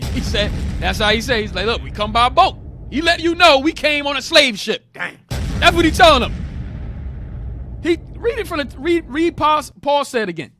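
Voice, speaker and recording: Leading an interactive Bible lesson, this teacher speaks at an extremely high pitch with big swings, a bright, forceful tone, and a moderate pace, plus a slight hiss or hum. He explains each passage, hammers home key points, and keeps prompting his reader to continue.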